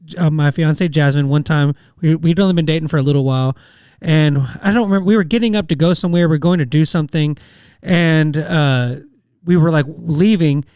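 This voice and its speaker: A man's voice: a little high, brisk, darkish tone, clear, resonant tone, no room sound, clean studio sound. A man on a podcast chatting in an easygoing, hesitant way as he sets up a story. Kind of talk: casual podcast chat.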